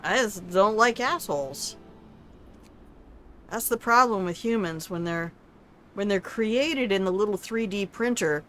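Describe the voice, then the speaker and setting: A woman's voice: medium pitch, unhurried, long pauses, fairly bright tone. An older woman streaming a video game, chatting casually with viewers in a salty, teasing way and swearing freely. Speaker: gaming streamer. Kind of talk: casual gameplay commentary.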